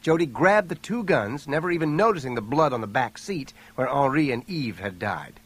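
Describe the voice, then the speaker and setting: A man narrating an audiobook thriller in a steady, even storytelling voice. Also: mid-range voice, moderate pace, husky. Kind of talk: scripted narration.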